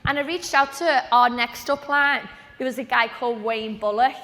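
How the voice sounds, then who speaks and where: A woman's voice: on the high side, normal speed, very noisy. A woman giving a motivational personal story to an audience at a training event, chatty and acting out the conversations she remembers. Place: event venue with a live audience. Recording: echoey large event hall.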